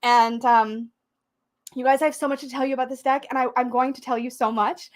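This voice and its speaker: High-pitched woman on a livestream, super excited, teary, keeps laughing. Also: brisk. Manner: excited, emotional, laughing often. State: tearful. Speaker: tarot channel host. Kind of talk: livestream chat.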